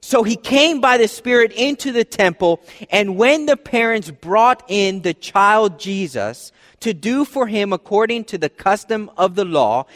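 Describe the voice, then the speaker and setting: A man preaching a sermon as pastor, conversational, dropping soft and low for emphasis. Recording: long hall reverb.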